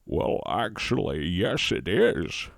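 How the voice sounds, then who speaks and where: A man doing a smug impression of an old film star. He speaks in a slow, self-satisfied drawl in a low, dry voice with a timbre unlike his own. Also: very animated, gravelly, no room sound, full character voice. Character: impression of a late famous film actor, smug.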